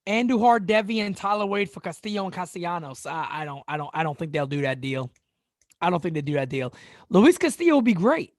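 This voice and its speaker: A man's voice: a little high, steady tone, quick pace, no room sound, clean studio sound. A man hosting a casual sports live-stream chat, joking, laughing often and stammering through repeated words. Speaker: sports channel host.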